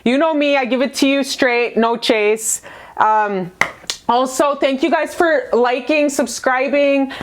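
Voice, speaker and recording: A woman's voice: high voice, takes it slowly, noisy background. A woman giving a casual tarot reading to camera, gushing and affectionate, full of profanity and slang. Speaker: tarot reader.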